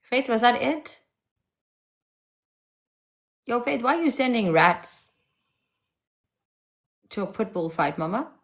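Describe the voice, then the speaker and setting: A woman's voice: fairly high pitch, very animated, slow pace, pauses often. A woman from South Africa with a South African accent, hosting a live stream, talking to callers in a sassy, taunting way. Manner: sassy, taunting, switching voices. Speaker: livestream host.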